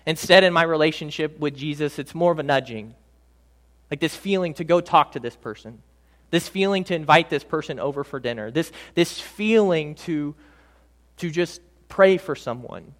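A man preaching a sermon in a slightly higher voice, building to emphatic lines, then dropping to soft, drawn-out words. His delivery is dynamic and heartfelt. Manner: dynamic preaching, drops to soft near-whispers on key words; slows right down for emphasis. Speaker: pastor.

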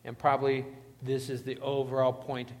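A man delivers a sermon from the pulpit at an ordinary male pitch. He stresses key words and keeps asking the congregation questions. His voice carries the long reverb of a large church hall. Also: completely flat delivery, moderate pace, darkish tone. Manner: emphatic, asks the congregation questions. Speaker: pastor.

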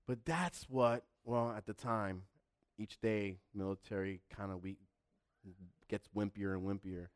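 A man's voice: lowish voice, a little slow. A man preaching a sermon in a fervent, emphatic style, driving points home through repetition.

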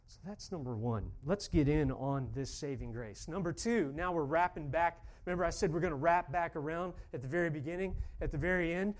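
A man's voice: a little high, fairly quick, hardly any pauses. A pastor preaching a sermon, telling a story and then building to fervent, emphatic calls to his congregation.

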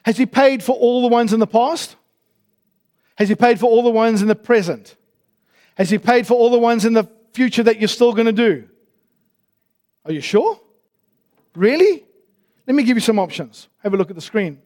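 A man's voice: extremely high pitch, normal speed, pauses often, a little mellow. A male pastor preaching a sermon in a church, emphatic and asking his listeners many rhetorical questions.

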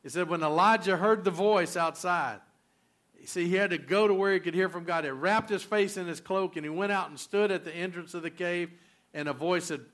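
A male pastor preaching a sermon, emphatic and repetitive, swinging between loud and quiet. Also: high-pitched, fairly quick.

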